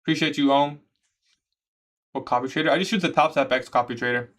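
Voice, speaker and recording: A man's voice: on the high side, fairly quick, fairly bright tone. Laid-back young Canadian man streaming. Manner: laid-back, slangy, answers viewer questions. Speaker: livestream trading host. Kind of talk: casual livestream chat reading comments.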